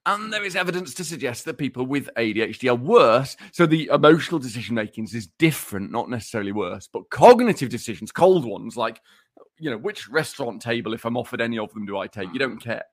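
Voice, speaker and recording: Talking fast with lively intonation in a mid-range voice, this man co-hosts a podcast and presents research. He reads it out teasingly in a mock-lecture style, laughing throughout the casual banter.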